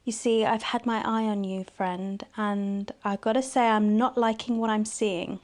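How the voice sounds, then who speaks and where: An actress voicing a sultry, scheming news anchor who taunts and tempts the player, with teasing, purring low asides. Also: female voice, steady tone, a little slow, natural voice. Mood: taunting. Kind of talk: video game voice acting.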